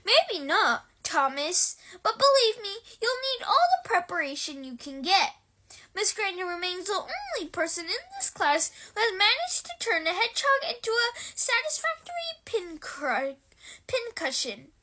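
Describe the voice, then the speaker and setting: A woman's voice: extremely high pitch, big pitch swings, measured pace, bright, forceful tone, exaggerated voice. A woman reading aloud from a storybook and voicing a strict older female professor with a stern, precise delivery.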